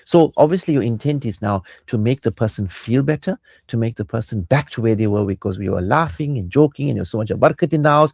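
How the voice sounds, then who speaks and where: Lively male radio host, dry studio sound. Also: mid-range voice, quick pace, creaky, few pauses, no echo. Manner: animated, acts out quoted lines in voices. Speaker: radio counselling show host. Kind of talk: casual radio talk with advice.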